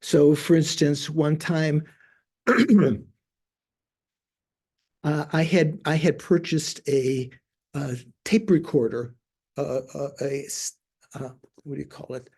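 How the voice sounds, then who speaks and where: An older man, a Buddhist monk teacher, telling stories in a teaching talk, often pausing to search for words. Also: a little high, steady tone, darkish tone, husky. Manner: hesitant, searching for words with many fillers.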